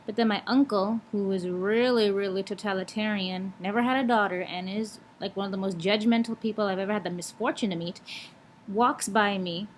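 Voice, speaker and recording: A woman's voice: mid-range voice, fairly even intonation, fairly quick, a little hiss or hum. A young woman vlogging in a blunt, frank way, swearing freely while she lectures and gives advice. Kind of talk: casual vlog talk.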